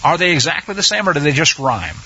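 A man's voice: on the high side, very animated, fast talker, sharp tone, breathy edge. A man giving an informal Bible teaching, reading passages aloud and musing over them with questions to himself. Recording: dull lo-fi sound.

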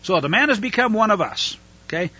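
Lively, bright-voiced male Bible teacher. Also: high voice, a little fast, slightly rough, highs cut off. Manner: explains Hebrew words, thinks aloud with fillers.

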